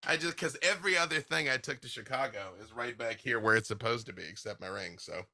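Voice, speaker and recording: A man, a game master being interviewed, chatting casually and telling stories in an animated way, laughing often. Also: medium pitch, quick pace, no echo.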